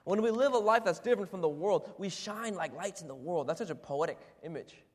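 Preacher, male, high voice, casual rhetorical sermon delivery, church hall with long reverb. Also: lively intonation, a little fast. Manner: conversational, rhetorical questions, frequent "right?".

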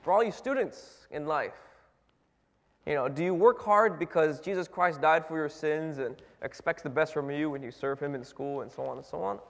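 This sermon comes from a male preacher whose voice sits a little high and carries vocal fry, delivered at a normal speed. He chats with his church in a loose way, stacking questions, frequently restarting and leaning on fillers, while the hall's long reverb rings around him.

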